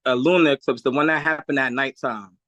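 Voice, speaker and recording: Fast-talking New York man, bright and dry. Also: mid-range voice, fairly even intonation, no room sound, lo-fi sound. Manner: fast, restarting, pushy. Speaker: caller. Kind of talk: call-in debate.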